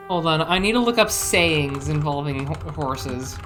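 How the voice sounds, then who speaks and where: Giggly woman streamer with a lively voice. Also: sits low. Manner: giggly and excitable, laughs often. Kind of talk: casual chat.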